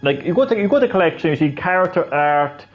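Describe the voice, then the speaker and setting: A man's voice: a little high, animated, fast talker, dull audio, faint music behind. A man live-streaming a video game, with rambling, profane, ranting commentary.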